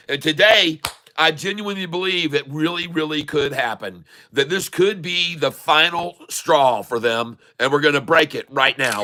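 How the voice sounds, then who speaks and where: Excitable older man calling stock trades. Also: a little high. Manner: excitable, boastful, jokey. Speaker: stock-trading streamer. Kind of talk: live market commentary.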